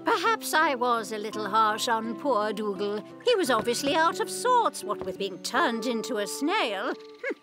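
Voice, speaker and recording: A woman's voice: on the high side, big pitch swings, measured pace. A woman voicing a vain, pompous female cow in a children's cartoon, gushing and theatrical and calling everyone "dear heart". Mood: self-satisfied. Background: music.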